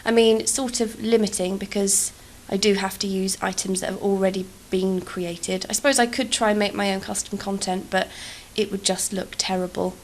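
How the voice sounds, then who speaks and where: A woman's voice: medium pitch, steady tone, normal speed, few pauses, a little hiss or hum. A young English woman with an accent that slides between posh and Cockney, chatting casually over gameplay in a rambling, self-deprecating way and swearing freely. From England. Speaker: YouTuber.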